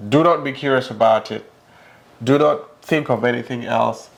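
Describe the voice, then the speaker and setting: A man's voice: medium pitch, moderate pace, vocal fry, natural voice. A man voicing a Ugandan male driver with a Ugandan accent, giving a stern warning.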